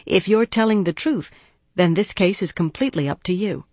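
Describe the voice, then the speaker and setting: A woman reading the lines of a cautious female prosecutor in an audiobook, deliberate and precise. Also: fairly low pitch, a little mellow, no room sound. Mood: probing. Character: guarded, measured female prosecutor, middle-aged.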